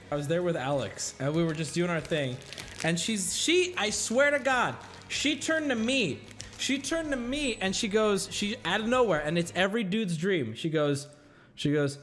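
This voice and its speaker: A young adult man streamer telling a story in a casual, swearing, giggling way. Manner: animated, swears often, giggles, jumps into high-pitched shouts. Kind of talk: casual storytelling while reacting to clips.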